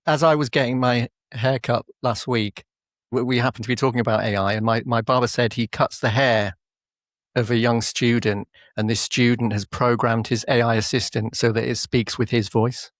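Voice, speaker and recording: A man in casual conversation as a comedy podcast co-host, chatty and self-mocking. His voice sits at an ordinary pitch and is recorded dry and close, with no room echo. He talks easily and laughs often between his lines. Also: steady tone, normal speed. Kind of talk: casual chat.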